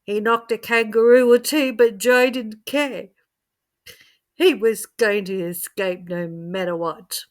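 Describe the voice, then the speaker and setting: Slow-talking woman storyteller. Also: medium pitch. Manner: expressive, swings from hushed to loud. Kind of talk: dramatic spoken storytelling.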